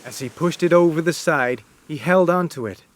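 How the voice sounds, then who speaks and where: A man reading a story aloud as narrator, slow and deliberate with expressive delivery. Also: a little high.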